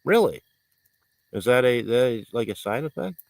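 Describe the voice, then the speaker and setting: A man's voice: mid-range voice, sing-song, normal speed, creaky, no room sound. A man hosting a livestream, rambling in casual chat and reading viewers' comments aloud, congested and coughing. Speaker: livestream host.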